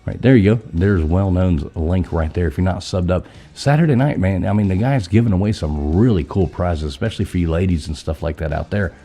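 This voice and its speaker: Guy, sick and raspy, low dark voice, chill stream host cussing and shouting out chat. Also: a little fast, hardly any pauses, faint music behind. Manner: loose, chatty, swears casually, shouts out chat names. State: sick, scratchy voice. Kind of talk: casual live stream chat.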